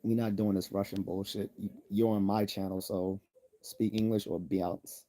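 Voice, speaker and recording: A man's voice: fairly low pitch, flat delivery, moderate pace, warm tone. A man from the United States hosting a live stream, reading viewer chat aloud and answering bluntly with jokes and laughs. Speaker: livestream host reading chat.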